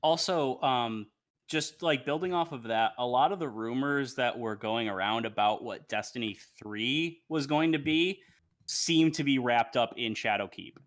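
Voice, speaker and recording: A male co-host on a live gaming podcast, his voice fairly low and even. He talks casually, pausing on "um" and "like" as he builds his points. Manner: hesitant, full of "like" and "um" fillers.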